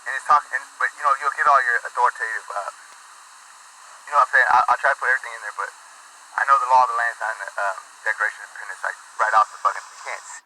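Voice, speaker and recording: A man explaining constitutional law in halting casual talk, often asking "you know what I'm saying". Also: mid-range voice, sharp tone, a little hiss or hum, low-quality recording.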